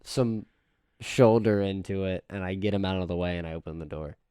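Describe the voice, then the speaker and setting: Man playing a tabletop game, low voice. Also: brisk, clear, resonant tone, dry recording, studio quality. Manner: emphatic, gets loud in character. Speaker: player.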